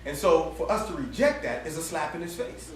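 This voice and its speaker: Animated preacher man, high voice, echoey hall. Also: brisk, noisy background. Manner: animated, laughing storyteller with colloquial speech. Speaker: campus ministry preacher. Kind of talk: storytelling sermon. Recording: echoey room heard from far off.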